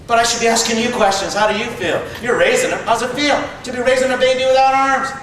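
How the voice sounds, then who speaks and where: A stammering, tactless newspaper reporter, put on by a man telling a story on stage. He fumbles over his words and repeats himself nervously. The voice sits high and rings out through a very echoey hall, picked up from a distance. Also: fairly even intonation, quick pace, a bit bright, slight background noise. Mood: uneasy. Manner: stammering, awkward.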